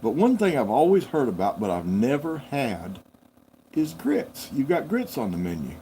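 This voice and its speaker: A man's voice: mid-range voice, wildly swooping pitch, normal speed, dark tone, a little hiss or hum, pitched above the performer's own voice. A man doing an earnest northern tourist. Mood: curious.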